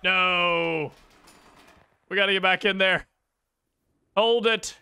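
A man commentating his own shooter gameplay, excitable and reactive, with game gunfire behind him. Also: sits high, slow, smooth. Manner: excitable, reactive, jokey, exclaims often. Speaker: gaming channel host. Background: gunfire and explosions from the game.

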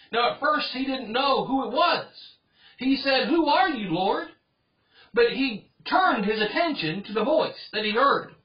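A man with a very high voice preaches a Bible study sermon in an earnest, repetitive way. The recording is dull and lo-fi. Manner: earnest, repeats phrases for emphasis. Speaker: pastor.

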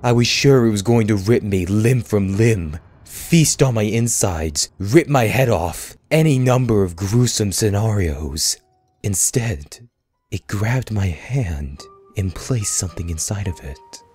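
A man reading a scripted horror story aloud as narrator, in a slow, measured, hushed storytelling manner. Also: fairly low pitch, animated, husky, no room sound, faint music behind.

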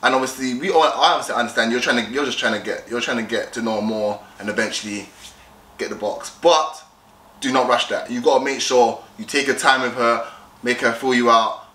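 Bright-voiced young man, echoey room. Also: mid-range voice, a little fast. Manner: direct, repetitive, acts out both sides of chats. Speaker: vlogger giving dating tips. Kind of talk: casual advice vlog.

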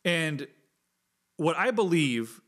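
A man in his thirties, a guitar teacher, hosts his own podcast in a casual solo monologue. His voice sits a little high and swings widely in pitch, slow-paced with a fairly bright tone. He rambles earnestly, full of fillers and casual swearing.

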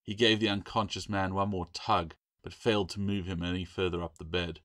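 A man reading his own novel aloud as a steady, measured audiobook narration. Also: sits low, no room sound, clean studio sound.

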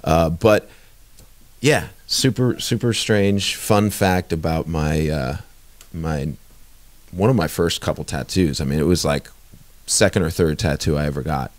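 A man's voice: rumbling low, unhurried, no echo. A man hosting a podcast, telling rambling, laid-back stories with lots of fillers. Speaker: podcast host. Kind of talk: casual chat.

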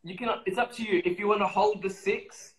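A dance instructor with a high, fairly even voice teaches a routine over a video call at a fairly quick clip. He counts the beats out loud and scats the steps in sung syllables. The room he's in is very echoey.

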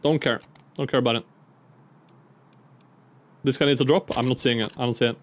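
A man's voice: mid-range voice, steady tone, fairly quick, a little hiss or hum. A man streaming a shooter game, chatting casually, joking and griping about teammates with plenty of swearing. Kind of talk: casual gameplay commentary. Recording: streamed over loud game sounds and mouse clicks.

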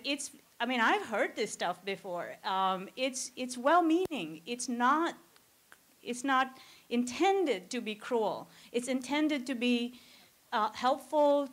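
A woman's voice: fairly high pitch, a bit bright. A woman speaking on a panel, summarizing and explaining a caregiver's account in a thoughtful, explanatory way. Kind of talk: academic talk summarizing a clip.

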